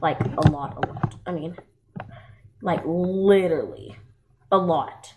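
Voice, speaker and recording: A woman's voice: fairly low pitch, slow pace, pitched below the performer's own voice. A woman voicing a chatty, giggly teen girl doll who works the lights, rambling and repeating herself in doll play. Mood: bubbly. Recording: loud background noise.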